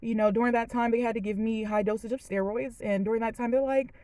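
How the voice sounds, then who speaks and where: A woman's voice: fairly high pitch, fairly even intonation, fast talker, warm tone, no room sound, rough recording. Chatty young woman telling her story. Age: late 20s. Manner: candid, chatty, emotional, many "you know"s. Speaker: vlogger. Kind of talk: personal storytime. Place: parked car.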